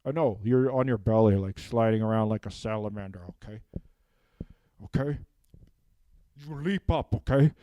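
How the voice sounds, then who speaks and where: A man's voice: lowish voice, normal speed, long pauses, warm tone, slight background noise. A man doing a rambling, improvised comic monologue who keeps asking "okay?", speaking into a handheld mic. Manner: rambling, drops "okay?" after nearly every phrase. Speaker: improv comedian. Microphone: handheld microphone.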